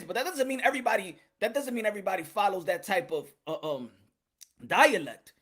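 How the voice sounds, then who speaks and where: A man hosting a boxing commentary vlog, talking in an animated, slangy, joking way and often repeating himself. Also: high voice, fast talker, breathy edge. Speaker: boxing channel host.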